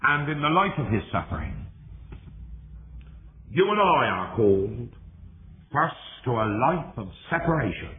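A male preacher delivers a dramatic sermon, leaping from high, ringing exclamations down to hushed murmurs. His voice sits a little high and moves with lively swings. The recording is thin and phone-like, heard in a roomy, echoing hall with a faint hiss. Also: measured pace, pauses often.

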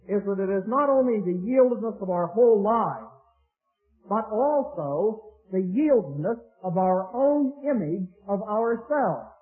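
A man preaching a sermon in a measured, anecdotal way, slowing down to stress key phrases. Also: high-pitched. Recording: tinny phone-like archival recording.

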